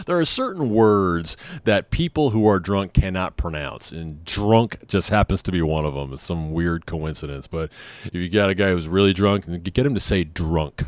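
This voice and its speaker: A man's voice: low-pitched, animated, moderate pace, no echo. A man hosting a podcast, telling a casual, self-deprecating story in a rambling way with frequent laughs. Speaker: podcast host.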